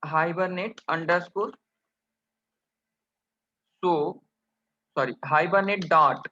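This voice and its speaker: A man teaches programming over a screen recording, asking "what?" again and again. His voice sits high and sounds bright and sharp. The recording is dull and lo-fi. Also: slight background noise. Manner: keeps asking rhetorical questions, addresses viewers as guys. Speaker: programming instructor. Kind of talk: screen-recorded coding tutorial.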